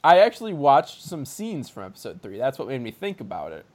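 A man co-hosting a podcast in casual chat, animated and laughing, slipping into impressions. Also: medium pitch, a little fast, crowd noise. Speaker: podcast co-host.

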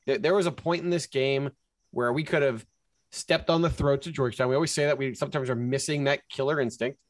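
A man's voice: mid-range voice, steady tone, fairly quick, no echo. A man co-hosting a casual sports podcast, animatedly walking through game sequences. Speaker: podcast co-host.

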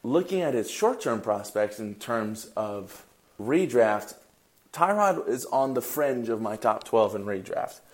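A man's voice: mid-range voice, expressive, unhurried. A young man hosting a fantasy football show, giving casual solo commentary and thinking aloud with fillers and restarts. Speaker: fantasy football podcast host.

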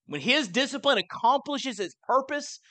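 A man preaches a sermon in a church. His voice sits high and sounds bright and ringing. He is earnest, and his pitch lifts whenever he quotes scripture. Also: animated, normal speed. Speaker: pastor. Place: church sanctuary.

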